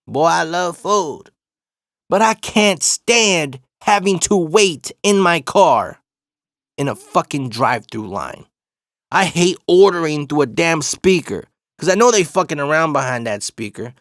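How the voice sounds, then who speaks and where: A man's voice: a little high, very animated, takes it slowly, fairly bright tone, no room sound, studio quality. A man in his forties hosting a podcast, telling stories in a laid-back, rambling way full of profanity. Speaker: podcast host. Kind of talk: casual storytelling monologue.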